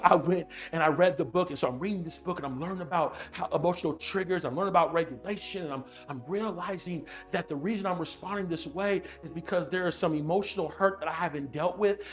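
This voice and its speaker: A man giving a motivational talk with a personal story, animated and repetitive, speaking straight to his audience. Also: high voice. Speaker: motivational speaker on emotional intelligence.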